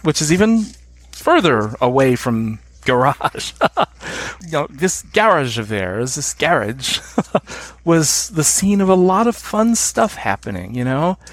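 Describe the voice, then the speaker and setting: A man's voice: fairly high pitch, very animated, a little slow, dry recording. A middle-aged man with an American accent, a guest chatting casually in an interview, enthusiastic and chuckling often. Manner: enthusiastic, chuckles often, hums tunes while explaining. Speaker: podcast guest.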